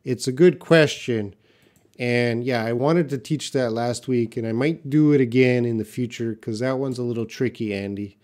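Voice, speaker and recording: A man's voice: medium pitch, normal speed, darkish tone. A man teaching English in a live question-and-answer class, reading out viewer comments and explaining them patiently with short example sentences.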